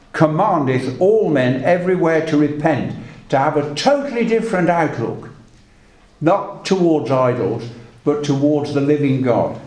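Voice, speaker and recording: A man preaching a sermon, retelling scripture in a measured storytelling way and reading old verses aloud. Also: medium pitch, darkish tone, reverberant.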